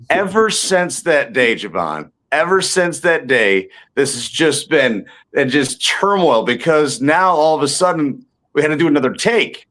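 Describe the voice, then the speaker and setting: A man's voice: a little high, big pitch swings, a little slow, a bit bright. A man, a guest actor and stand-up comedian, telling jokey stories in a casual interview, full of fillers and restarts from somewhere indoors. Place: indoors, tucked in somewhere warm.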